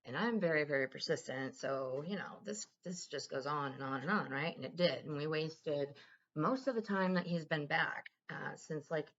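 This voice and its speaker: A woman's voice: sits low, moderate pace, a bit bright, lo-fi sound. A woman talking candidly in a casual personal vlog, rambling and swearing freely. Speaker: vlogger.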